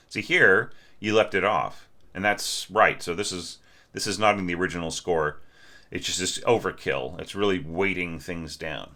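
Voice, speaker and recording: Brief: middle-aged male orchestration teacher, deep and bright voice, hums passages while critiquing. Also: steady tone, normal speed. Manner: sings phrases to illustrate, thinks aloud with restarts. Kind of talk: spoken critique of a score.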